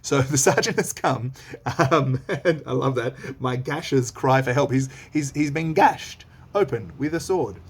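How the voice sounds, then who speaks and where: Aussie teacher guy reading a play aloud n chatting about it, bit husky. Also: mid-range voice, unhurried. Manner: chatty, reads lines aloud then explains in slang. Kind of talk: read-along Shakespeare lesson with commentary.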